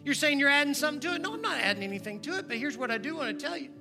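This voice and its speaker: A man preaching a sermon in a church and leading an invitation, swinging between loud urgent appeals and hushed prayerful moments. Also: very high voice, very animated, very fast, creaky, over music. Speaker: guest preacher, church member. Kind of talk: sermon with altar call. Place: church sanctuary.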